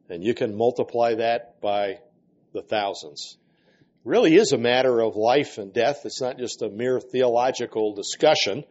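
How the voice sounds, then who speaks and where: A man's voice: medium pitch, darkish tone. A man teaching a workshop for ministers, speaking earnestly with frequent fillers. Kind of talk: lecture with reading aloud. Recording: dull lo-fi recording.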